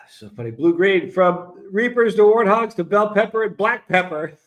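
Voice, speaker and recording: A man with a high, light voice chats through a live stream, reading viewer comments aloud. He breaks into laughter again and again and sounds delighted by the jokes. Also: animated, moderate pace. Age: 50s. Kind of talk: casual live-stream chat.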